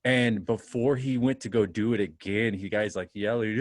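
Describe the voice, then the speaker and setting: A man's voice: on the low side, normal speed, no room sound. A man co-hosting a casual podcast, rambling through stories with lots of fillers. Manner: rambling storyteller, chatty fillers. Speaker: podcast co-host. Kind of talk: casual chat.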